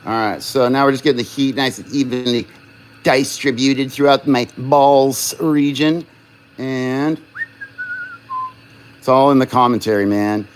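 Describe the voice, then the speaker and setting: A man's voice: mid-range voice, fairly even intonation, a little slow, pauses often, clean tone. Give me a rambling, foul-mouthed man casually talking viewers through a live glassblowing demo. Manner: rambling, profane, self-distracted. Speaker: glassblowing livestreamer.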